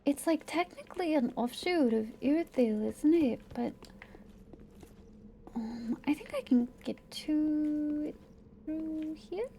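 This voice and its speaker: A woman streamer chatting casually while she plays, thinking aloud in a meandering way and often dropping to soft asides. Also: high voice, animated, slow pace, slight background noise. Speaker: live streamer. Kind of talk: casual gameplay commentary.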